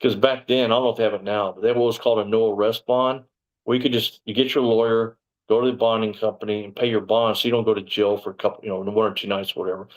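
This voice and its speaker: A man's voice: lowish voice, little pitch movement, quick pace, poor audio. A man from Texas, a former police officer telling his story in a casual interview, rambling and digressive with lots of "you know".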